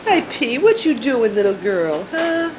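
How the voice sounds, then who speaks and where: A woman's voice: fairly high pitch, very animated, measured pace, heavy background noise. A mother at home talking to her pets in a sing-song baby-talk voice, filming a casual home video.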